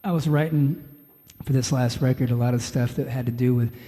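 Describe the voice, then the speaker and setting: A man's voice: mid-range voice, steady tone, fairly quick, dark tone. A young man, a singer-songwriter, rambling easily through stories between songs at a live show, full of filler words and calling the crowd "man". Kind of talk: stage banter between songs. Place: live music venue stage. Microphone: stage vocal mic. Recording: reverberant live venue with music. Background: guitar.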